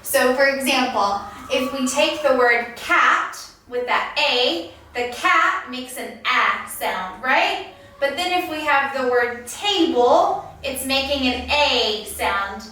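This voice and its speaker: A woman's voice: sits high, sharp tone. A woman giving a recorded teaching lecture, carefully spelling out example words and sentences. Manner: slow, carefully enunciated examples. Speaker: TEFL trainer. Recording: very echoey room, voice from a distance.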